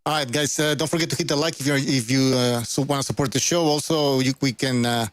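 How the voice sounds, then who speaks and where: A man's voice: medium pitch, steady tone, quick pace, no echo, faint music behind. A man co-hosting a live podcast, chatting loosely and calling out names from the chat. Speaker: podcast co-host. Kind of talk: casual live-stream podcast intro.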